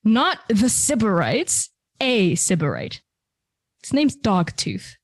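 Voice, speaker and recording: A woman's voice: mid-range voice, huge pitch swings, slow pace, no room sound, clean studio sound, exaggerated voice. A woman voicing a sly female goddess who is scheming in a tabletop game.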